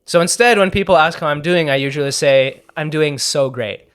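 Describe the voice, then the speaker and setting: A man doing an annoyed, deadpan storyteller. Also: a little high, brisk, clean tone, lightly acted. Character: annoyed, sardonic grown man telling a grim story. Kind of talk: practice acting monologue.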